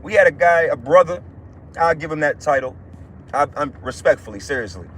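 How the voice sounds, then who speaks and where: This is a man running a casual preaching livestream from inside his car. His voice sits high for a man. He talks bluntly and swears freely, stumbling over the starts of his sentences as he lectures. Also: lively intonation, fairly quick, a bit bright, husky. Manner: blunt, profane, repetitive restarts. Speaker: livestream host giving religious teaching.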